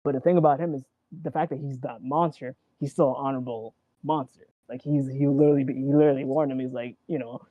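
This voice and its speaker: A man in casual chat about wrestling, rambling and excitable, acting out quotes and swearing. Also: medium pitch, fast talker, hardly any pauses, dry recording, phone-quality sound. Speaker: wrestling show co-host.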